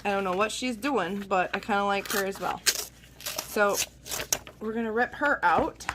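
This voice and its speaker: A craft channel host chats casually at home while working on her journal, rambling in a self-deprecating way. Her mid-range voice moves at normal speed against a noisy background.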